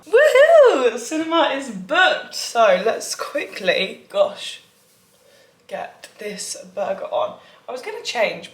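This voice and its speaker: Chatty young woman vlogging. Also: medium pitch. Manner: chatty, gushing, fillers of "like". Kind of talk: casual vlog chat.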